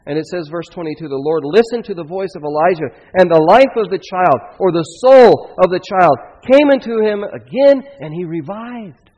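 A pastor preaches a sermon. He tells the story dramatically, swelling loud when he quotes the people in it and dropping quiet for reflection. The sound is dull and lo-fi, with long reverb from the church hall. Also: high voice, expressive, moderate pace, few pauses. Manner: dramatic, rising and falling loudness when quoting scripture figures. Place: church sanctuary.

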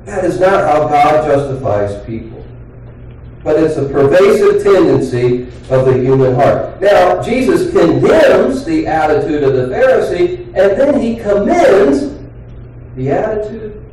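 Male pastor, earnest conversational sermon, mellow tone, booming echoey church, mic at a distance. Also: big pitch swings. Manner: earnest, conversational preaching with pauses and restarts. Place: church sanctuary. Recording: very echoey hall, voice from far off.

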